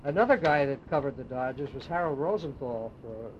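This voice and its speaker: A man's voice: medium pitch, animated, a little fast. A man interviewing a former ballplayer, chiming in often with agreement. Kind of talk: oral history interview. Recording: dull lo-fi tape with faint hiss.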